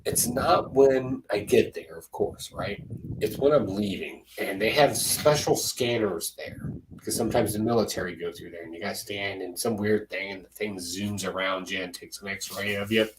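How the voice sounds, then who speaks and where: A man's voice: lowish voice, normal speed, noisy background. A middle-aged man chatting casually on a panel, a rambling, jokey storyteller. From United States. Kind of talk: casual chat.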